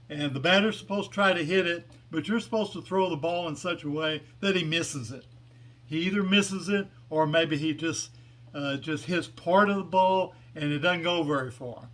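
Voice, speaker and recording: A man voicing a patient baseball manager who explains things slowly and rambles with fillers. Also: a little high, a bit bright. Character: patient middle-aged male baseball manager.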